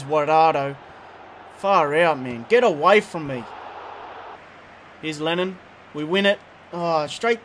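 A young man playing a football video game, commenting on the match as he plays, swinging from muttering to shouting in frustration. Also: on the high side, a little hiss or hum. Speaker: gaming video creator.

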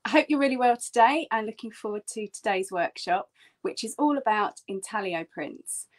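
A woman's voice: expressive, normal speed. Chatty woman teaching a craft. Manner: chatty and explanatory, with bright lifts in pitch. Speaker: print artist teaching a workshop. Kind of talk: friendly online craft tutorial.

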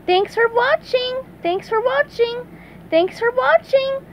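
Woman doing a squeaky, bubbly cartoon sea sponge. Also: expressive, slow pace, a little hiss or hum, exaggerated voice. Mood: chirpy. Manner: bubbly, gushing, very high. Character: cheerful eager male cartoon sea sponge.

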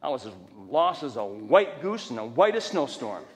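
A middle-aged man preaching a storytelling sermon, animated and humorous as he acts out quotes. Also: medium pitch, normal speed. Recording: reverberant church hall.

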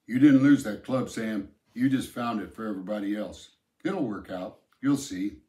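A man's voice: fairly low pitch, normal speed, darkish tone, natural voice. A man reading the part of an injured teenage boy who sounds weak and pleading. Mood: reassuring. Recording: roomy echo.

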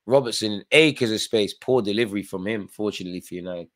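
A man's voice: fairly low pitch, fast talker. A tired man hosting a live football watchalong, chatting through play-by-play with fan reactions. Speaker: watchalong host.

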